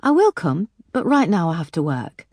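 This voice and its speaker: A woman's voice: lowish voice, very animated, normal speed, a little mellow, husky, dry recording, clean studio sound, exaggerated voice. A woman voicing a young woman detective, grieving and guilt-ridden, speaking tearfully in an audiobook. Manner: tearful, self-reproaching.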